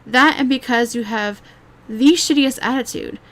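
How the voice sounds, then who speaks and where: A woman delivers a reaction rant in a fairly high voice. She rambles, trips over her words and restarts lines, and she swears freely in an exasperated commentary tone. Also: normal speed, fairly bright tone. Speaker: YouTube commentary creator.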